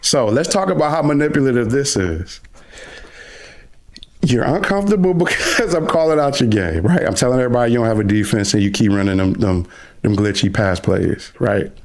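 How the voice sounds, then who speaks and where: A middle-aged man, a gaming streamer, delivering a loud, aggressive trash-talking rant on a live reaction stream. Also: mid-range voice, lively intonation, brisk. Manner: loud, aggressive trash talk, calls the other player "son".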